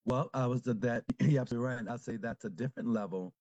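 A man who is a Catholic priest, talking reflectively in a casual conversation, with halting speech and many fillers. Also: mid-range voice, a little mellow, no echo.

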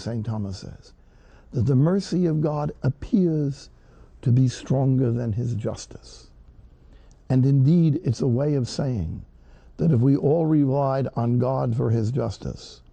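A man's voice: medium pitch, gravelly, dark tone, breathy edge, dry recording. A man preaching a sermon in an earnest, emphatic way that swells to stress key words.

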